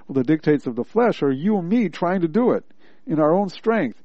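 A man's voice: a little high, sing-song, normal speed, no room sound. Earnest man preaching in a dry, dull recording. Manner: earnest, plainspoken, repeats points for emphasis. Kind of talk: devotional teaching, reading and explaining a text.

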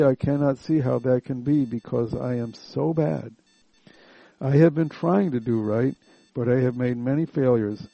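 A man's voice: medium pitch, vocal fry, no echo. A man preaching a sermon, reading aloud in an earnest, questioning, emphatic way, recorded lo-fi and dry.

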